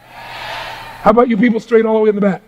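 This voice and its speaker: A middle-aged man giving a live motivational seminar talk to a large audience in a hall, booming and energetic, swinging from hushed asides to shouting. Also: a little fast, muffled recording, background noise. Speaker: motivational speaker.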